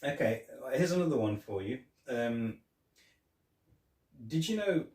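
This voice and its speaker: A man's voice: mid-range voice, very animated, unhurried, a little mellow, distant mic. A man co-hosting a casual film review podcast, eagerly sharing trivia. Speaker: podcast co-host. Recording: roomy, off-mic.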